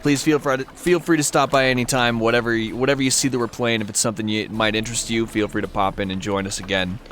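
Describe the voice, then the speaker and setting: A man streaming a video game live, chatting casually and greeting his viewers warmly by name. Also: medium pitch, steady tone, fast, slight background noise.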